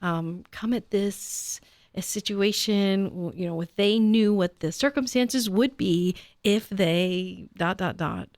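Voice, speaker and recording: Heard in studio quality with no echo, this woman in her fifties talks on a conversational radio show as a co-host or guest. Her medium-pitched, slightly mellow voice moves slowly, and she is reflective and self-deprecating, with hesitant restarts and lots of laughter.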